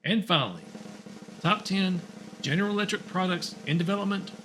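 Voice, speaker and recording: A man's voice: sits high, a little fast, music in the background. Wry, chuckling male comedy host. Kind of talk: comedic reading of old top ten lists.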